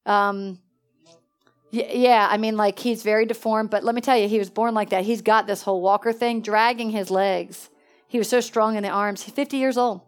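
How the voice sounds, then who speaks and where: A woman preaching in a lively storytelling way, jumping from excited bursts to hushed, quiet asides. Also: medium pitch, moderate pace. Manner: animated, swings between excited exclamations and hushed asides. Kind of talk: storytelling sermon.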